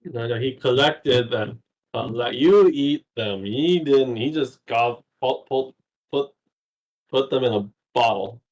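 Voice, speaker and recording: Unhurried stammering player. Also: male voice, medium pitch, darkish tone, poor audio. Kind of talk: tabletop game chat.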